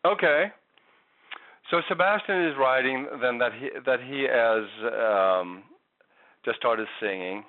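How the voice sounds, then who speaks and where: A man's voice: mid-range voice, measured pace, no echo. A man giving a singing lesson, patiently explaining vocal technique with frequent restarts. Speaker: singing teacher. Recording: tinny phone-like audio.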